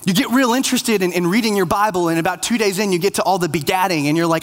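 A pastor preaching a conversational, self-deprecating sermon to a church congregation, with frequent restarts and playful asides. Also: male voice, high-pitched, quick pace. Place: church with online audience.

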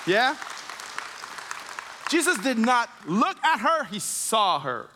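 Guy preaching a sermon, slow and deliberate, repeats lines for effect, voice pitched real high. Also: big pitch swings. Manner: emphatic, repeats phrases for effect; drops to a soft, low prayer voice when leading prayer.

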